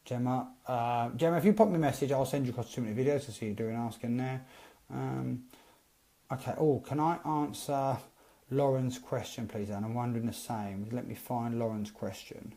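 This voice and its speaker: Chatty man with a mellow voice. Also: mid-range voice, moderate pace. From Britain. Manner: chatty, animated, acts out both sides of text chats. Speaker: network marketing coach. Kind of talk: casual live-stream advice.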